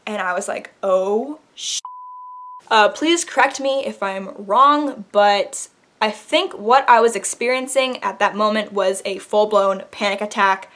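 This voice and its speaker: A young woman vlogger telling a dramatic personal story in an animated, casual way. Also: medium pitch, measured pace. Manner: animated, dramatic retelling with laughs. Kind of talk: storytime vlog.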